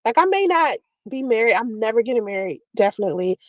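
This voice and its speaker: A woman's voice: a little high, very animated, fast, no room sound, rough recording. A woman talking at length about her family and personal life, rambling and confessional, full of "like" fillers. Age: adult with a daughter. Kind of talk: personal talk to camera.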